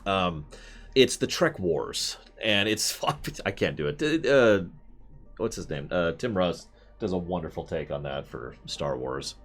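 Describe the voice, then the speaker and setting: A man's voice: sits low, lively intonation, slow, fairly bright tone, soft background music. A man hosting a casual chat over a video call, rambling and joking at his own expense. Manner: rambling, jokey, self-deprecating. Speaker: host.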